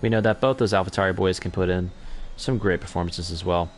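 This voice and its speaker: A man's voice: deep voice, fairly even intonation, fairly quick, a little hiss or hum. A young man commentating an online racing league in a chatty, self-correcting way that picks up during on-track battles. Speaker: race commentator.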